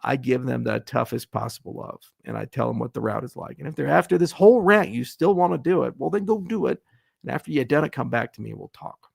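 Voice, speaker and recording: A man's voice: medium pitch, lively intonation, fast, vocal fry, slightly rough, dry recording, clean studio sound. A man hosting a livestream Q&A, answering questions in blunt, ranting, profane tough talk. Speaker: AMA host, venture capitalist. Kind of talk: livestream Q&A, unscripted.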